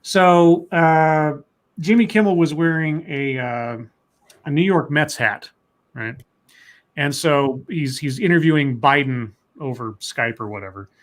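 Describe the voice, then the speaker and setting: A man with a fairly high voice hosts a laid-back livestream. He reads news items aloud and wanders off into loose, chatty tangents full of fillers, trailing off mid-thought before picking back up. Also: unhurried. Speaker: co-host reading news stories. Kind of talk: casual livestream chat.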